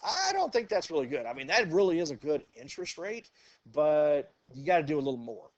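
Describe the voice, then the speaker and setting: Speaking briskly with a fairly high pitch, a male math teacher guides his class through a problem in an easygoing lecture. He keeps saying "okay" and "go ahead" and throws questions out to the students.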